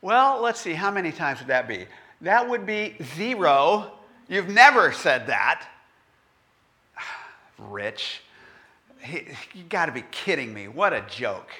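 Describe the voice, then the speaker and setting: Male preacher, conversational and animated, bright forward voice. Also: a little high, takes it slowly, long pauses. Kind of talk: sermon with scripture reading.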